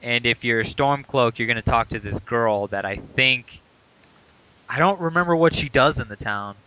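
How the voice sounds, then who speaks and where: A man's voice: mid-range voice, normal speed, pushed and bright, poor audio. A man co-hosting a podcast, chatting casually and walking through how a video game works. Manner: explanatory, walks through game mechanics. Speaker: podcast co-host.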